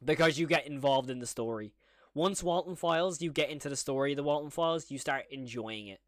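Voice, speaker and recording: Young male horror reaction streamer, fairly high voice, excitable, talkative, reacts loudly. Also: a little fast, no room sound. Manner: excitable, reacts aloud with repeated exclamations; chatty, answers viewer questions. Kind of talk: live reaction commentary.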